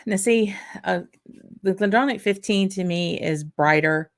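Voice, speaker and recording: A woman with a Southern US accent hosting a casual live-stream tasting chat, unhurried and thinking aloud, with frequent small laughs. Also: mid-range voice. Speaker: whisky channel host.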